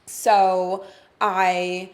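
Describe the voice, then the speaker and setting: A woman's voice: on the low side, flat delivery, very slow. A woman in her twenties, a podcast co-host and waxing specialist, talking in a chatty, casual way with many "like" fillers. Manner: chatty, fills speech with "like". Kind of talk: casual chat.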